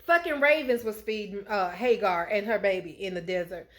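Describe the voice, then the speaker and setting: A woman's voice: medium pitch, moderate pace. A woman giving a comedic, sassy and profane rant that retells Bible stories with indignation. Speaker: content creator.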